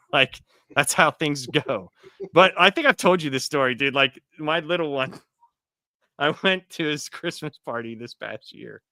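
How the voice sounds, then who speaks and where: Profane, animated male storyteller, bright and dry. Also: on the high side, dry recording. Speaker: podcast guest. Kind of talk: casual podcast chat.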